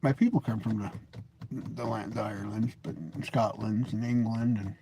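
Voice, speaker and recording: A man's voice: fairly low pitch, fairly even intonation, moderate pace, noisy background. An American man in his forties, talking to camera in a rambling, jokey and blunt monologue as a vlogger. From United States. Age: 40s. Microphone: webcam or phone camera, seated.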